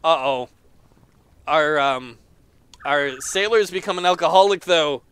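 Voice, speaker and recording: A man's voice: on the high side, measured pace, a bit bright, clear, resonant tone, no room sound. A man casually commenting on a game as he plays, exclaiming often, laughing and reading the game's text aloud. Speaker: let's player.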